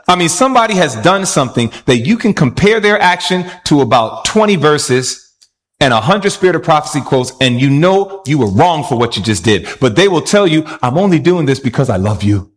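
Male preacher, fairly high voice, animated sermon delivery with rhetorical questions. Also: normal speed.

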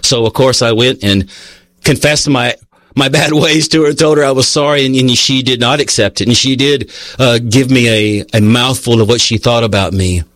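A man's voice: medium pitch, normal speed, a bit bright, no room sound. A man preaching a sermon in an earnest, conversational way, telling a personal story and reading passages aloud.

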